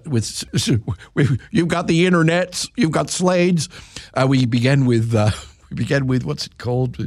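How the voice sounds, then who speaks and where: A man's voice: medium pitch, a little mellow, no room sound, clean studio sound. A man hosting a music radio show, rambling and correcting himself with chuckling asides. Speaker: radio presenter. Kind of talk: casual radio chat.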